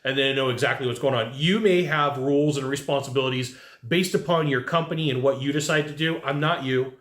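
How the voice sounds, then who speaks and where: A man giving casual advice to HVAC technicians, telling lively work stories and acting out what people said. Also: medium pitch, brisk, echoey room. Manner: animated storyteller who acts out quotes. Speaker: HVAC sales trainer.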